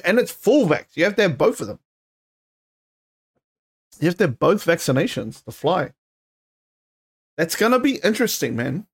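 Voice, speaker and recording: A young man hosting a casual solo podcast, ranting heatedly in slangy, swear-filled talk. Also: fairly high pitch. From New Zealand. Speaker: podcast host.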